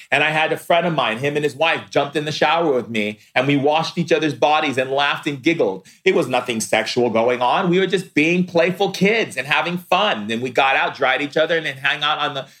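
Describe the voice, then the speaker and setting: A man giving a spiritual talk, preaching slowly and emphatically, drawing out his words and acting out the voices of people he quotes. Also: fairly high pitch, fairly bright tone. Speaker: spiritual teacher.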